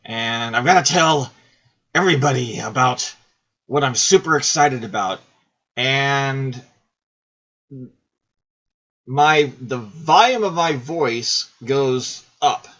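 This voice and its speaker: A man's voice: medium pitch, expressive, takes it slowly, long pauses, fairly bright tone, dull audio. A man in his forties hosting a casual game video, rambling and self-deprecating as he talks through questions. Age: 40s. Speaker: host. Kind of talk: casual commentary while playing a game.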